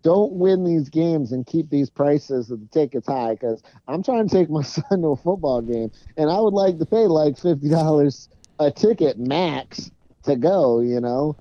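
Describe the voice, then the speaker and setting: A man's voice: a little high, expressive, unhurried, warm tone, no echo, muffled recording. A man co-hosting a casual sports podcast, sarcastic and profane, talking in loose run-on sentences. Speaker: podcast co-host.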